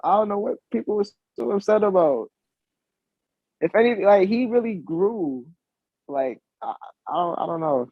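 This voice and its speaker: Chill guy chatting, kinda high voice, dry muffled mic. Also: animated, normal speed, long pauses, no room sound. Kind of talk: casual chat.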